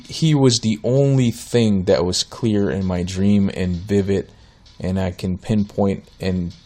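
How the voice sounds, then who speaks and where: Low-voiced man rambling through a story. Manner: rambling, casual, many fillers and restarts. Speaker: podcast host. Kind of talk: solo podcast storytelling.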